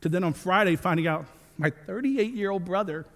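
A man's voice: sits high, fairly quick. A man in his thirties preaching a sermon as a pastor, earnest with joking asides. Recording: long reverb of a large hall.

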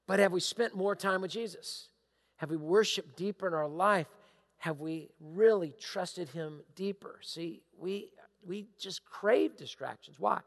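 A middle-aged male pastor giving a sermon, emphatic and repetitive, sometimes dropping into hushed asides. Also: sits high, normal speed. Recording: long hall reverb.

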